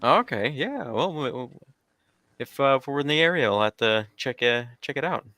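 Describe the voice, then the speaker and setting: A man chats as a player in a tabletop game, repeating his words as he thinks. His voice is bright and forceful, recorded dry and close. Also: mid-range voice, lively intonation, normal speed, dry recording. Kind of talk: casual game chat.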